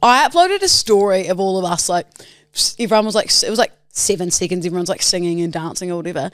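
A woman's voice: lowish voice, animated, dry recording. Chatty young Australian woman co-host. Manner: chatty, quick banter. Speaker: podcast co-host. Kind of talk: casual chat.

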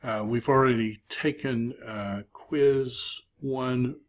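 A man's voice: mid-range voice, steady tone, takes it slowly. A man teaching a recorded video lecture as an instructor, explaining step by step with frequent hesitations and filler sounds. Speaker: Greek instructor.

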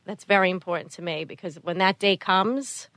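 A middle-aged woman, a mother, speaking as an interview guest in a soft, earnest way, often repeating her phrases. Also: medium pitch, normal speed, no room sound. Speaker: guest, mother of a sick child. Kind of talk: interview conversation.

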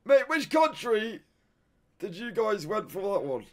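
A man's voice: sits high, very animated, a little slow. A young man streaming a guessing game, frustrated and swearing, tacking "mate" onto almost everything he says. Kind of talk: casual live-stream gameplay commentary.

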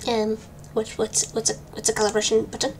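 A woman's voice: a little high, completely flat delivery, brisk, background noise. Chatty woman joking through a game. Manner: joking, chatty, flustered muttering. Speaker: game streamer. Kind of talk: casual let's-play commentary.

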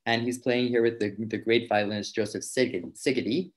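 A man's voice: medium pitch, fairly even intonation, brisk. A man, a violinist, giving an informal lecture, explaining ideas thoughtfully and often restarting his sentences.

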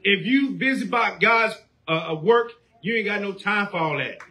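High-voiced preacher man shouting sermon. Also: lively intonation, normal speed, background noise. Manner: preaching call-and-response, rising to shouts.

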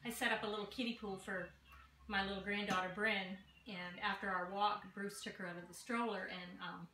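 A woman's voice: mid-range voice, fairly even intonation, brisk, bright, forceful tone. A woman in her sixties talking casually to the camera in her home kitchen, chatty and folksy, speaking straight to her viewers. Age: 60s. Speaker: home cooking vlogger. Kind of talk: casual cooking chat to camera. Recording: echoey kitchen with clear background noise.

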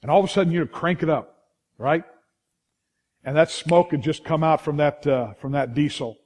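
A middle-aged man with a Californian accent, preaching a sermon in a lively storytelling way, full of restarts and asides to the congregation. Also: fairly high pitch, moderate pace. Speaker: pastor.

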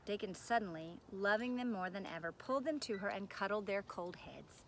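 A woman reading a children's chapter book aloud, measured and gentle, at a mid-range pitch. A faint hiss sits under her voice. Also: lively intonation. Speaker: narrator.

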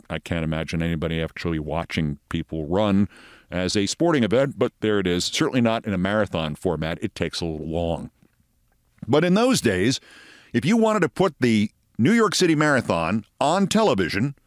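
A man's voice: on the low side, no echo, clean studio sound. A man in his sixties hosting a commentary show, telling anecdotes in a wry, conversational way. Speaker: show host.

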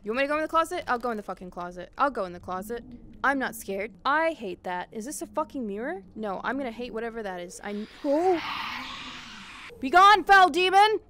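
A young woman VTuber streamer giving excitable, swearing gameplay commentary, shrieking at scares. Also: on the high side, fast, slight background noise.

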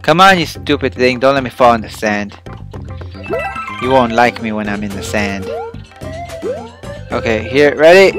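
A man playing a platform game and commenting, often yelling and cursing at enemies, then calming down to chat with his viewers. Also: medium pitch, a little slow, pauses often, music in the background. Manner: excitable, swearing, yelling at the game. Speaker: let's play host. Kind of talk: gameplay commentary.

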